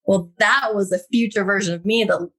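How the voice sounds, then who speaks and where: A woman on a podcast telling a personal story in a casual, animated way, acting out the quotes. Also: brisk. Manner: animated, acts out quotes with big pitch jumps. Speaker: guest, intuitive reader.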